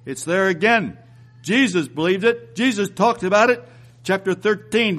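A man with a notably high voice delivers a sermon, reading old scripture aloud between his own remarks. He hammers his points with repeated phrases, climbing higher and slowing down on the key lines. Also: animated, a bit bright. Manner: reads scripture aloud, rises and slows for emphasis. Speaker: preacher.

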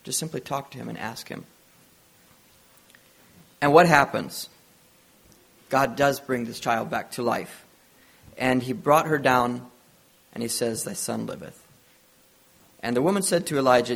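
A man's voice: medium pitch, measured pace, vocal fry, pauses often, fairly bright tone. A man preaching a sermon, retelling a Bible story with earnest storytelling and acted-out dialogue.

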